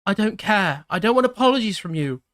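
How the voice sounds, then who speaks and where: A man's voice: sits high, lively intonation, a little fast, pitched above the performer's own voice. A man doing a furious, accusing young woman. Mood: bitter accusing. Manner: sharp, cutting, accusatory.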